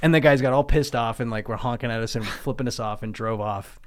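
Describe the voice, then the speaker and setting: A man's voice: mid-range voice, fairly even intonation, brisk. Middle-aged man telling a profane story. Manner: profane, rambling anecdote. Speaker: podcast guest or co-host. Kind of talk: casual storytelling.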